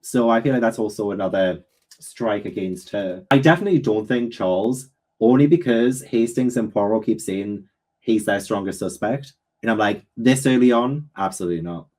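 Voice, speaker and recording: A man in a casual book chat, theorizing animatedly and quick to laugh. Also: on the low side, a little mellow. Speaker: guest co-reader.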